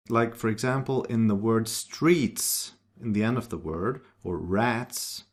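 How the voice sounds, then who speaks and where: Male language teacher, very slow and careful delivery, a little low-pitched, sounds out each example word. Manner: spells out sounds and repeats example words carefully. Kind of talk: slow, deliberate pronunciation lesson.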